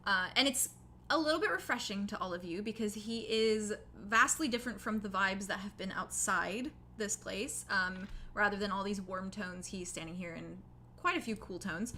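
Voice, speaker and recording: A woman's voice: medium pitch, moderate pace, sharp tone, slight background noise. A young woman narrating a tabletop game as game master, casual, with lots of fillers.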